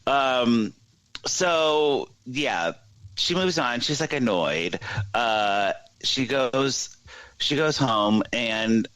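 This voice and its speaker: A man co-hosting a podcast, retelling a movie plot in a casual, animated way. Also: mid-range voice, very slow, smooth, no room sound, rough recording. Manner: animated storytelling with put-on voices for characters. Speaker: podcast co-host. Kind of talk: casual chat, plot recap.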